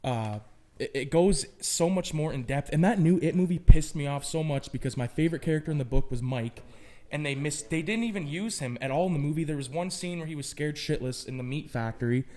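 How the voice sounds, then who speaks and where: Male podcast guest, warm and dark in tone, eager and opinionated. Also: fairly high pitch, animated, a little fast. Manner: enthusiastic, opinionated. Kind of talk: casual chat.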